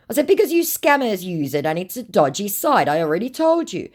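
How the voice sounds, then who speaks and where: A woman's voice: mid-range voice, sing-song, fairly quick, few pauses. An Australian woman telling a comic story of baiting a scammer, dry and sarcastic. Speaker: scam baiter.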